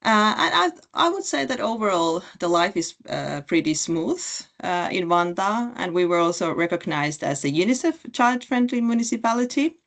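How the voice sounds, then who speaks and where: A woman giving a city pitch in a webinar, halting with frequent fillers and restarts. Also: sing-song, fairly bright tone. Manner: hesitant, many fillers and restarts. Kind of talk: presentation pitch.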